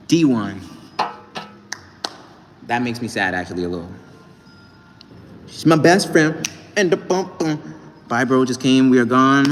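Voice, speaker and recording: Young man livestreaming from echoey gym. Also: fairly low pitch. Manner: loose, rambling, hypes and thanks viewers. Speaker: livestreamer and rapper. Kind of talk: casual livestream chat reading comments. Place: indoor gym. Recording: echoey gym room, faint background noise.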